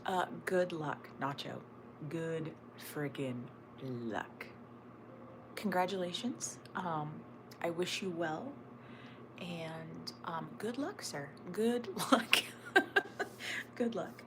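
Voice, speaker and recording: A woman's voice: sits low, slow. Chatty woman half-whispering to her stream. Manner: chatty, answers viewer comments, often drops to a whisper. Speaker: livestream host. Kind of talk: casual livestream chat with viewers. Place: at home looking out over a snowy backyard. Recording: steady background noise.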